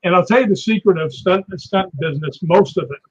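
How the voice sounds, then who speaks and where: A man, a stunt performer guest, telling lively anecdotes and acting out crashes with sound words like boom and whap, with a husky voice. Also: a little fast. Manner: animated, acts out impacts with sound words. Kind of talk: anecdotal storytelling on a live show. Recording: dull lo-fi sound.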